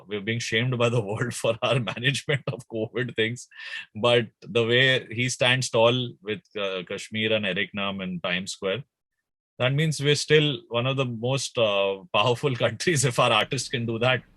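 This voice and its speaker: Bright, dry-sounding man chatting. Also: medium pitch, measured pace, no echo. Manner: animated, rambling with restarts and fillers. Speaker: guest musician. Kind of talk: casual interview chat.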